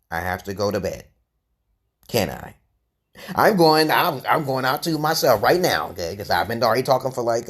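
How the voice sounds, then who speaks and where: A man with a husky voice holds forth on a home live stream, rambling and sure of himself. His pitch swoops widely as he lectures viewers. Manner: rambling, self-assured lecturing. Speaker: livestream host. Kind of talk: casual live-stream talk.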